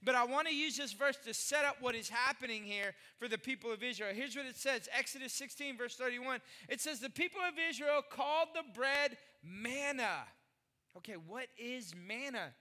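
A man from Texas preaches a sermon with a strikingly high and very bright voice. He is middle-aged, animated and jokey, and he tells stories and fires off rhetorical questions. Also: brisk, few pauses. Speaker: pastor.

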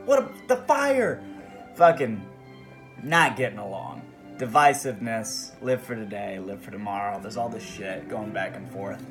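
A man's voice: on the low side, moderate pace, faint music behind. A man hosting a podcast, giving a profane, rambling, comedic book report. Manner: profane, rambling, animated retelling. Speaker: podcast host.

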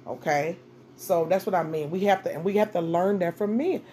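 A woman's voice: on the low side, a little fast, dark tone. Middle-aged woman hosting a casual advice podcast; blunt, salty delivery that hammers points home, with a faint noise floor. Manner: blunt, profane, repeats phrases for emphasis. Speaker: podcast host. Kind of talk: casual dating-advice monologue.

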